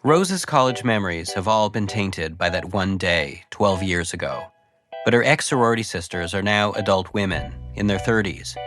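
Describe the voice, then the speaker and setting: A man hosting a podcast and narrating the story in a wry, deadpan way. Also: on the low side, normal speed, faint music behind. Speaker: podcast host. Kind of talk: scripted narration.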